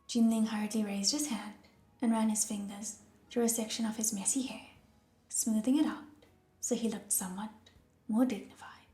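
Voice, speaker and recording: A woman narrating an audiobook in a soft, hushed, often whispery voice. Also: fairly high pitch, fairly even intonation, normal speed. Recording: roomy echo with soft music.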